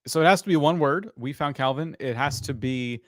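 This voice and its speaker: A man co-hosting a live stream, relaxed and explanatory in casual chat. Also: medium pitch, a little fast, no room sound, clean studio sound. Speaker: livestream co-host.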